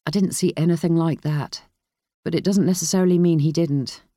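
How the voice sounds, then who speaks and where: A reader voicing a woman investigator, quiet and strained, in a storybook narration. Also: medium pitch, steady tone, a little fast, no echo, clean studio sound, natural voice. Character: woman investigator, shaken and weary.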